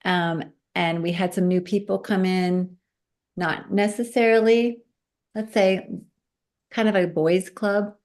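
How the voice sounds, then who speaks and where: A woman's voice: medium pitch, slow. A woman guest telling a personal story in a casual chat, acting out the voices of the people in it. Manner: animated, acts out quoted voices.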